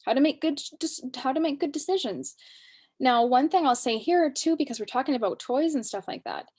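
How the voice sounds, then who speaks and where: A woman in her thirties with a fairly high voice talks casually as a parenting coach. She often slips into short scenes and plays both the parent and the child. Her delivery stays lively and warm in tone throughout. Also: normal speed. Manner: acts out parent and child lines with lively shifts. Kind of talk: casual workshop talk.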